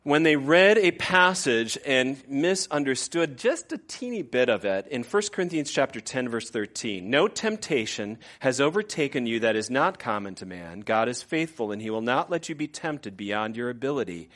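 A man's voice: medium pitch, normal speed, few pauses. A man in his fifties preaching a conversational sermon as pastor, often acting out what people say. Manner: conversational, animated, acts out quoted voices.

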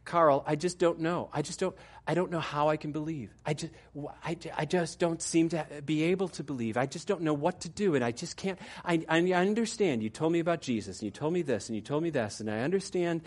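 Man playing a distressed young female student; halting, pleading, raised pitch. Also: lightly acted.

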